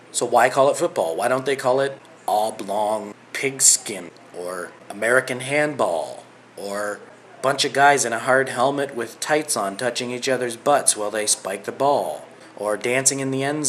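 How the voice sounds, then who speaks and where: A man's voice: medium pitch, a bit bright, a little hiss or hum. A middle-aged Canadian man with a Canadian accent, chatting loosely and rambling in a video response to another vlogger.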